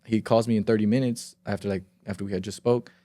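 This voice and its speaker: A man's voice: on the low side, fairly even intonation, fast talker, mellow, no echo. A young man talking as a podcast guest, telling a long story in a rambling, casual way, with lots of filler words and quoted dialogue and frequent swearing. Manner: swears freely. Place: podcast studio.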